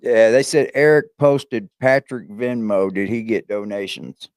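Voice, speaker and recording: A man's voice: on the low side, a little slow, no room sound, clean studio sound. A man hosting a casual interview and reaction stream, laid-back, talking to his viewers and often restarting his sentences. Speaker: show host.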